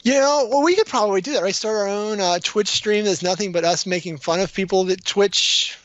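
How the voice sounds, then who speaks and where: A man's voice: high-pitched, a little fast, dry recording, highs cut off. A man co-hosting a tech podcast on a headset mic, teasing his partner in casual, wry banter. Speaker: podcast co-host.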